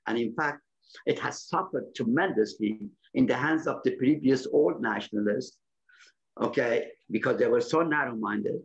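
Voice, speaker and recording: A man's voice: mid-range voice, normal speed. A man from Iran, explaining politics in a lecturing way, often restarting and checking in with "okay?". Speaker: interviewee, political commentator. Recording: slightly muffled, lo-fi recording.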